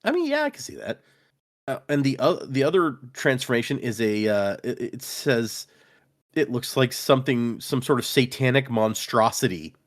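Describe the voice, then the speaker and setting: A man's voice: medium pitch, moderate pace. A man co-hosting a podcast, casually recapping book chapters and acting out characters' lines as he goes. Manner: animated retelling, acts out quotes, frequent laughs. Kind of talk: casual chat.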